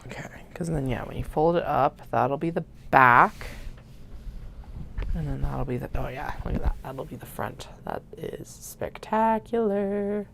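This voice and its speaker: A woman hosting a craft livestream, chatting casually and muttering soft half-whispered asides to herself while she cuts fabric. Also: deep voice, expressive, a little slow, creaky, a little hiss or hum.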